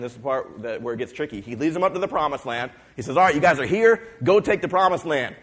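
A male pastor preaching a sermon, retelling scripture in a lively storytelling way and acting out the voices of the people he quotes. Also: medium pitch. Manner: fillers and restarts.

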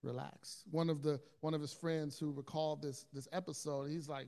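A man with a notably high voice delivers a sermon in an earnest, storytelling way. He often stumbles over his words, repeating and restarting them. His delivery moves between quiet, low stretches and loud, intense bursts. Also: flat delivery, normal speed. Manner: swings between hushed low passages and loud, intense ones. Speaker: pastor.

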